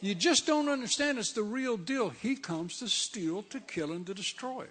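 A man's voice: high-pitched, expressive, normal speed, fairly bright tone. A man preaching a sermon in a conversational, emphatic way, with frequent asides.

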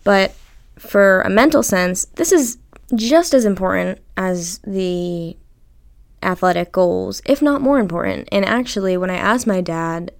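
Young woman, podcast host, casual chat, creaky, clear resonant voice, lively and swearing. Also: medium pitch, unhurried. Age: young adult. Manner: chatty and animated, swearing, acting out quotes.

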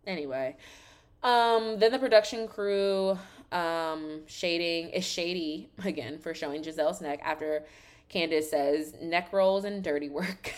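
A woman hosting a podcast, recapping a reality show in casual chat, sassy and animated, swearing freely and saying "like" constantly. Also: lowish voice, measured pace.

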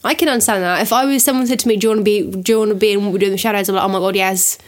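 Woman rambling and giggling on a podcast, bit husky from a cold, mid pitch. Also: fairly even intonation, rapid-fire. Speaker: podcast co-host. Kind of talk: casual chat.

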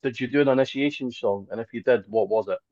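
A man's voice: mid-range voice, fast talker, darkish tone, no room sound. A man hosting a podcast, asking questions in a teasing, easygoing way. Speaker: podcast host. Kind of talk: casual podcast interview. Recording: dry, dull lo-fi sound.

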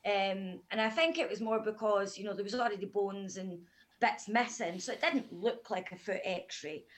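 Frank, calm woman telling her story. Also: medium pitch, moderate pace. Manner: calm, frank, matter-of-fact. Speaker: podcast guest. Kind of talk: candid personal storytelling.

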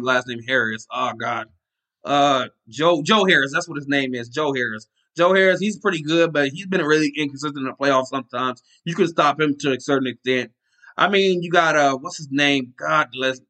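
A man's voice: a little high, bright, forceful tone. A man hosting a sports podcast, talking casually and rambling, often stopping to search aloud for players' names. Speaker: podcast host. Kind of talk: casual sports talk monologue.

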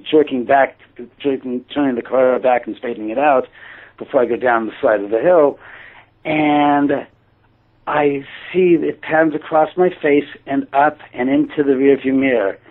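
A man casually telling a personal story, acting out his own quoted thoughts with lively shifts. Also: medium pitch. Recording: tinny phone-like line.

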